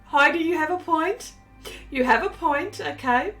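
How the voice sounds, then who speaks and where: A woman's voice: sits high, a little slow, fairly bright tone, soft background music. An Australian woman hosting a casual art live stream. She chats with viewers, reads their comments aloud and laughs often. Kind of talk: casual live-stream chat while painting.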